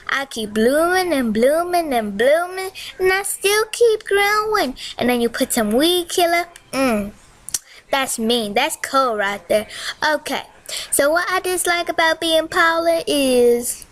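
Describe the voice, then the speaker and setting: A woman's voice: extremely high pitch, fairly bright tone, heavily acted. A woman voicing a sassy, unkind pollen spirit in a comic monologue, drawling and calling out to the listeners. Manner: sassy, drawling, calls out to the audience.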